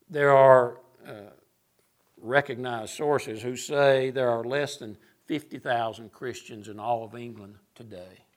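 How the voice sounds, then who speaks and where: A man preaching a sermon, emphatic and sarcastic, building his points through lists. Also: mid-range voice.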